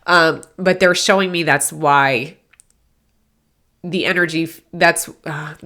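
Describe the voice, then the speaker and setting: Low-voiced woman podcasting about spirit. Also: fairly even intonation, takes it slowly, bright, forceful tone. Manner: rambling, earnest, with self-corrections and laughs. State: teary and sniffly. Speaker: podcast host and medium. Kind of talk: casual spiritual podcast talk.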